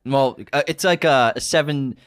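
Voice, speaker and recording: A man's voice: mid-range voice, moderate pace, clean tone. Upbeat man hosting a podcast. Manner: upbeat, laughs often. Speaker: podcast co-host. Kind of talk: casual chat and movie quiz.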